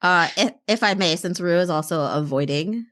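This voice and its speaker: A woman's voice: fairly low pitch, normal speed, fairly bright tone. A woman playing a tabletop role-play game, chatting casually with lots of fillers. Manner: chatty, lots of likes, laughs easily.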